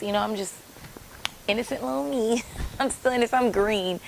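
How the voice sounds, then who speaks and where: A woman's voice: fairly high pitch, moderate pace, gravelly, a little hiss or hum, low-quality recording. A woman in her late twenties telling a personal story to her viewers in a chatty, rambling way, calling them y'all. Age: late 20s. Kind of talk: casual storytime chat.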